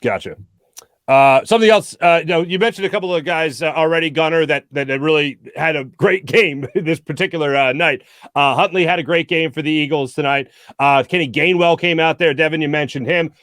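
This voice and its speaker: A man with a high voice hosts a postgame sports talk show. He talks in long, animated runs and keeps restarting his sentences. The sound is dry and close, with no room in it. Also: fairly quick, no room sound. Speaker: host.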